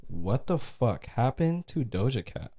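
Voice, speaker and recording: A man's voice: medium pitch, very animated, a little slow, warm tone. A young man co-hosting a podcast, laid-back and mumbling short replies in casual chat. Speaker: podcast co-host.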